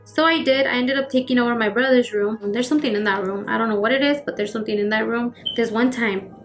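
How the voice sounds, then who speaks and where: A young woman vlogger telling a personal story in casual, rapid speech full of fillers and quoted dialogue. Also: a little high. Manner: rapid, filler-heavy retelling with acted quotes. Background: faint background music.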